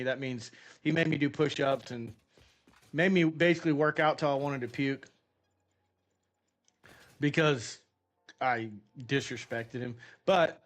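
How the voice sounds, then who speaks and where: A middle-aged man streaming a game, telling rambling, animated stories in a casual way with many fillers. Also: medium pitch. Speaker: gaming streamer. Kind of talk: casual storytelling while playing a game.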